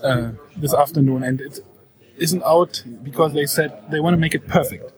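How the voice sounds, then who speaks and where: A man with a German accent hosting a podcast interview on a game fair floor, talking in a halting way and repeating words. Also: a little high, steady tone, low-quality recording. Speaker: podcast host. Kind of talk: casual interview chat. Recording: crowd noise of a convention. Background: loud crowd chatter.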